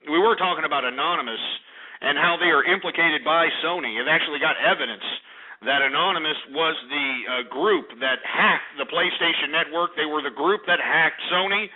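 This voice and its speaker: A man hosting a call-in radio show, brash and profane, berating callers with insults. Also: a little high. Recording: tinny phone-like radio audio.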